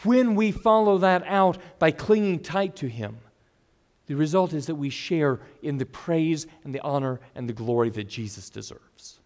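A man preaching an expository sermon as pastor, earnest, moving between loud emphasis and hushed asides. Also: fairly high pitch, animated, normal speed.

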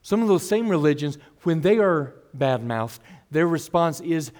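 A man preaching an expository sermon as pastor, earnest, moving between loud emphasis and hushed asides. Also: a little high, lively intonation, a little slow, hardly any pauses.

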